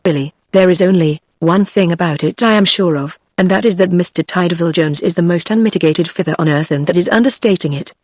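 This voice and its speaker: A text-to-speech woman's voice with a British English accent, reading the lines of a composed, sharp-witted young secretary in a brisk, firm manner. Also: lowish voice, dry recording, close to an everyday voice.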